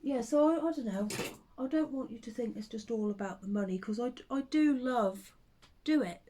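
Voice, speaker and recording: A woman chatting casually to camera at home, rambling with hesitant ums and soft under-breath asides. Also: a little high, moderate pace. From United Kingdom. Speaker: vlogger and full-time teddy bear maker.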